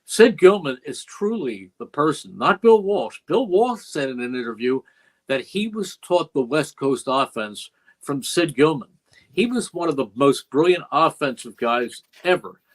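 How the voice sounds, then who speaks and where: Very animated yet unhurried, an older man with a slightly high voice tells interview stories from his years as a radio play-by-play broadcaster. He is earnest and reflective and acts out quoted dialogue, though the audio is poor.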